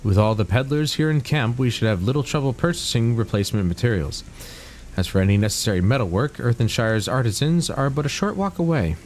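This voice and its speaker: A man's voice: mid-range voice, lively intonation, fairly quick, a little hiss or hum, natural voice. Man reading a formal young scholar. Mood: earnest. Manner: formal read-aloud with occasional stumbles.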